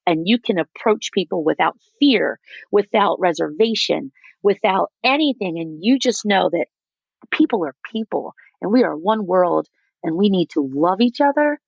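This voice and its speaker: A woman's voice: medium pitch, gravelly, no room sound, dull audio. A woman founder telling stories in a casual interview, animatedly acting out what other people said. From United States. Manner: animated, acts out quotes of others. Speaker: micro school founder, guest.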